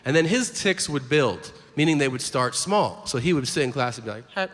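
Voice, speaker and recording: A man in his forties doing a stand-up routine, telling stories animatedly and acting out characters with sudden high-pitched outbursts. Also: lively intonation, fairly quick. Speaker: stand-up comedian. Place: large comedy venue with audience. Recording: live stage recording in a reverberant hall with ambient noise.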